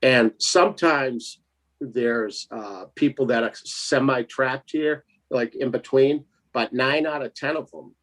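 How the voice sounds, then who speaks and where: A man telling a spooky story as a guest. He is lively and emphatic and keeps checking in with "right?". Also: mid-range voice, takes it slowly. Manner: lively, emphatic, tags lines with 'right?'. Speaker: paranormal investigator guest. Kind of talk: casual storytelling.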